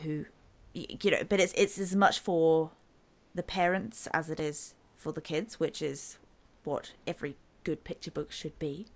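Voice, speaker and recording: A woman podcast host interviewing a guest, asking halting questions and offering enthusiastic praise. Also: low voice, steady tone. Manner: halting, restarts sentences, enthusiastic.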